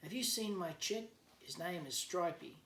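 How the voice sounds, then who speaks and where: A man's voice: sits high, animated, a little slow, fairly bright tone, far from the mic, voice pushed up, exaggerated voice. A man voicing a worried father emu searching for his lost chick, in an echoey room a little off the mic. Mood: pleading. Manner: earnest, pleading.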